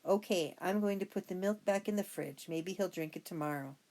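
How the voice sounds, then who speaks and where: A woman voicing a calm, firm mother in a storybook reading, gentle but decisive. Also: lowish voice, fairly quick, natural voice.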